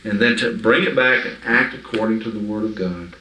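Fairly low-pitched, brisk, and sharp in tone, this man teaches the Bible informally to a small group, talking emphatically and conversationally and often confirming his listeners understand. A little hiss or hum is present, and the far-off mic captures an echoey room.

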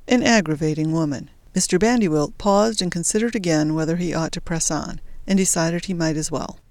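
A woman narrating a short story in a measured, even reading voice. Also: deep voice, no room sound.

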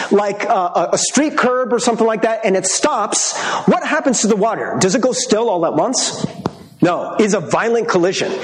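A man preaching a sermon as pastor, talking in a conversational, animated way and laughing often. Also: sits high, reverberant, long reverb tail. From Michigan.

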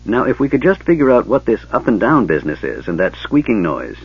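A man's voice: on the low side, big pitch swings, fairly quick, husky, exaggerated voice. A man voicing a weary, cautious male leader who speaks ruefully. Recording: dull lo-fi tape, dry.

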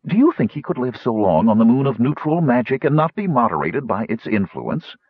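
A fiery woman warrior argues her case with force and conviction, as a male reader puts her on. The voice is husky and dry, with lively, swinging pitch. The sound is dull and lo-fi. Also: brisk, no room sound. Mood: persuasive. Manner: forceful, persuasive.

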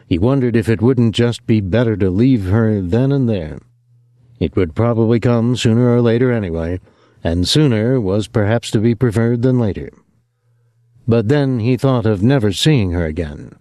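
A mellow, expressive male narrator reads a scripted audiobook in a mid-range voice at normal speed. The recording is studio quality with no room sound.

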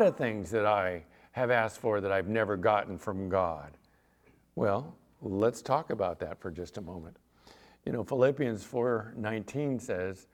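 A man's voice: lowish voice, a little slow. A man preaching as pastor, reading scripture aloud with rising emphasis and acting out little voices. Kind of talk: sermon.

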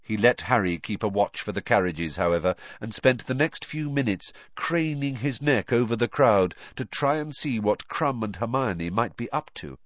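A man narrating an audiobook in an expressive, animated reading. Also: lowish voice, moderate pace, few pauses, no room sound, muffled recording.

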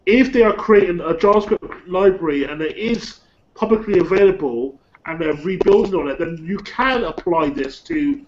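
A man's voice: sits high, expressive, moderate pace, a little mellow. A man in a panel discussion who hedges a lot and fills his sentences with "you know". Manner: hedging, lots of "you know". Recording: muffled lo-fi audio with faint noise.

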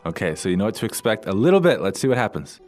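A man's voice: fairly low pitch, very animated, racing, loud music behind the voice. A man co-hosting a podcast language lesson who explains points and asks his partner questions. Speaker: co-host, learner.

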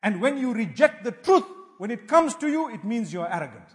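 A man giving a sermon as an Islamic preacher, animated and emphatic, weaving Arabic religious phrases into his English. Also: very high-pitched, a little fast. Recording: long hall reverb.

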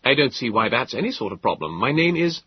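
A man voicing an eager, brusque young Victorian gentleman inventor in an audiobook, speaking excitably and abruptly. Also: mid-range voice, quick pace, breathy edge, dry recording, highs cut off, pitched above the performer's own voice. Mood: flustered. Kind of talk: audiobook character voice.

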